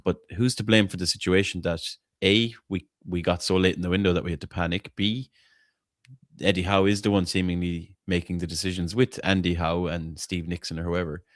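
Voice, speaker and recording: A blunt man hosts a casual football podcast chat in a low, deep register. He is opinionated and swears freely, stumbling and repeating words as he builds his case. The recording is dry and close, with no room sound. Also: steady tone, fairly quick, no room sound. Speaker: podcast host.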